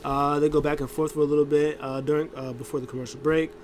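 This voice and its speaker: A man's voice: on the high side, flat delivery, quick pace, darkish tone, slight background noise. A man casually recapping a wrestling show, rambling with lots of fillers and acting out quotes. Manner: rambling, many fillers and restarts, acts out quotes.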